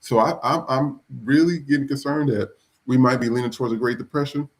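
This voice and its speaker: A man's voice: mid-range voice, a little fast. A man hosting a live podcast, talking bluntly and profanely in a rambling, casual way with many restarts. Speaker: podcast host.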